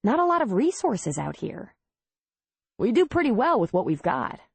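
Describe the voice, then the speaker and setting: A woman voicing a steady, plainspoken small-town bar owner in an audiobook. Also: mid-range voice, moderate pace, vocal fry, breathy edge, no echo, voice pushed up, exaggerated voice. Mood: reassuring. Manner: calm, matter-of-fact.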